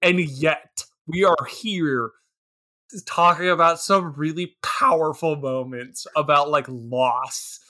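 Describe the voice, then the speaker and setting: Bright-voiced laughing man podcaster. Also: on the high side, slow pace. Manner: animated, laughs often, lots of filler words. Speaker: podcast co-host. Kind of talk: casual movie review chat.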